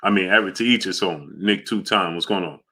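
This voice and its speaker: Hype-driven boxing streamer, bright voice. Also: male voice, low-pitched, quick pace. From New York. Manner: shouts out viewers by name, loud hype bursts. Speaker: boxing livestream host. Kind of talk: casual livestream chat reading super chats.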